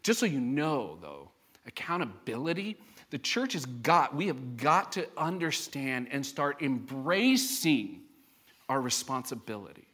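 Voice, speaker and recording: A man preaching a sermon to his congregation, lively and acting out the voices he quotes. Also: mid-range voice, a little slow, slightly rough. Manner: animated, acts out quoted voices. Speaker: pastor. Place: church service before a congregation.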